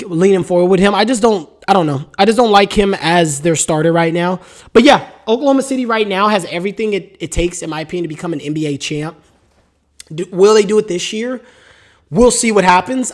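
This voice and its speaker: Man, solo podcast host, casual, opinionated, rambling, hiccuping. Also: sits high. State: has the hiccups. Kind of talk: solo sports podcast commentary.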